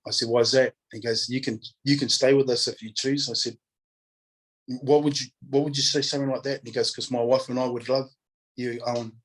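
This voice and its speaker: A man's voice: medium pitch, brisk, rough recording. A man speaking as a guest, telling his personal story candidly and acting out the people in it. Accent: New Zealand. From New Zealand. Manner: animated, acts out quoted voices, laughs often.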